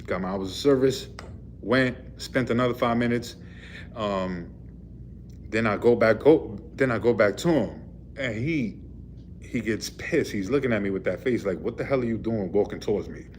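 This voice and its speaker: A man's voice: lowish voice, normal speed, slight background noise. A man, a truck driver, casually retelling a run-in with the police, rambling and full of fillers. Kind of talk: casual storytelling vlog. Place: in a vehicle.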